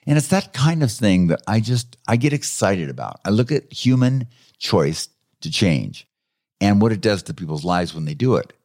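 A man, a counselor, telling anecdotes about his clients in a lively conversational way, often chuckling. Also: lowish voice, normal speed, no echo, studio quality. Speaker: counselor who works with clients. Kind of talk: conversational interview storytelling.

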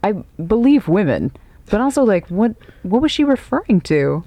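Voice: mid-range voice, very animated, moderate pace, mellow, dry recording. A podcast co-host in casual chat, teasing and blunt, swearing for fun.

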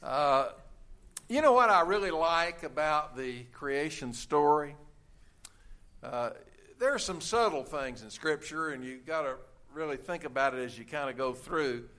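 A man's voice: on the high side, animated, a little slow, sharp tone. A man preaching a sermon in a folksy, joking way, with frequent filler sounds as he talks. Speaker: pastor.

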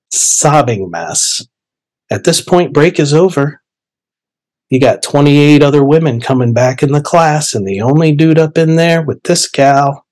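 A young man casually telling a personal story, animated and chatty, acting out his own inner dialogue. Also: mid-range voice, slightly rough, rough recording. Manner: animated, conversational, lots of fillers and quoted inner dialogue. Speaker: podcast guest storyteller.

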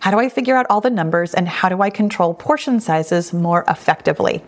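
A woman's voice: on the low side, lively intonation, brisk. Reassuring woman podcast host. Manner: warm, reassuring, conversational with frequent restatements. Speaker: podcast host, weight loss coach. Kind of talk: solo podcast answering listener questions.

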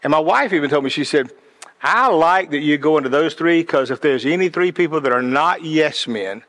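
A man's voice: a little high, a bit bright. A man giving a sermon-like talk about decisions, passionate and earnest, often repeating words as he builds a point. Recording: long hall reverb.

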